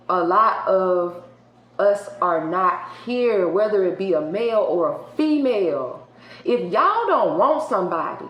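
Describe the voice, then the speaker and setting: A woman doing a casual tarot card reading for her viewers. She talks colloquially and emphatically, jumping between loud outbursts and hushed asides. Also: medium pitch, sing-song, measured pace. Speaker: tarot reader. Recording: roomy echo with faint background hiss.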